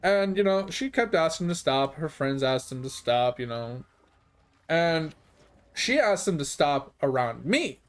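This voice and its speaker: A young adult man who streams games, telling profane, animated stories in casual chat. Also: a little high, measured pace. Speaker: gaming streamer. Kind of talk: casual storytelling.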